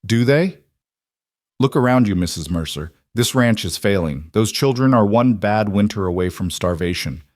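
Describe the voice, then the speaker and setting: A man's voice: on the low side, animated, moderate pace, darkish tone, no room sound, studio quality, natural voice. A man playing a smug, wealthy middle-aged bully who talks bluntly and sneers. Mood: sneering. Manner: blunt, sneering, falsely sympathetic.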